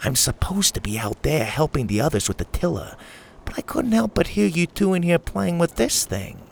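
A man's voice: on the high side, expressive, normal speed, gravelly, slight background noise, pitched above the performer's own voice. A man voicing a playful, sly elderly grandmother in a storybook read-aloud, speaking in a teasing, lightly mocking way.

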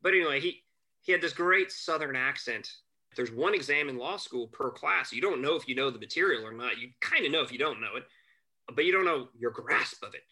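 A man who is a guest on a chat show, telling lively anecdotes and acting out quotes. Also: mid-range voice, fairly quick. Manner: animated anecdotes, acts out quotes, chuckles. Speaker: podcast guest, family lawyer. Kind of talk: casual storytelling chat.

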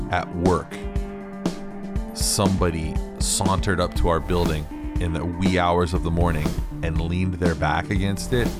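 A man co-hosting a podcast, telling a story in a rambling way, laughing often and swearing freely. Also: low-pitched. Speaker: podcast co-host. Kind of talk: casual chat.

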